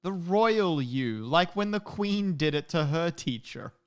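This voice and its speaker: A man's voice: fairly high pitch, animated, takes it slowly, clean tone. A man chatting casually on a video call, joking and defensive. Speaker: stream co-host.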